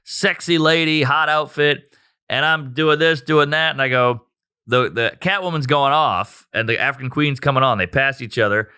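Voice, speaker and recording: A man, a stand-up comedian, telling a profane, animated story in casual chat. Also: mid-range voice, normal speed, clear, resonant tone.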